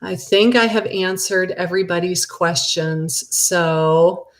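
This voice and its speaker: A middle-aged woman, a real estate agent, teaching a casual live class and answering viewer questions in a chatty, animated way. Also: slow pace. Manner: chatty and animated, with big excited jumps in pitch.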